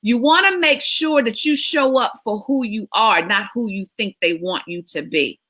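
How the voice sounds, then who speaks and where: A woman media coach hosting a weekly tips video, talking in an excitable, emphatic coaching style. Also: a little high, moderate pace. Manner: excitable, emphatic, lively delivery with laughs. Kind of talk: energetic coaching monologue.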